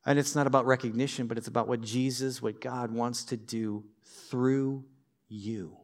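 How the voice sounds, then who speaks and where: A man's voice: mid-range voice, steady tone, moderate pace. Conversational male pastor preaching. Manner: conversational, with personal anecdotes and humor. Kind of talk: sermon.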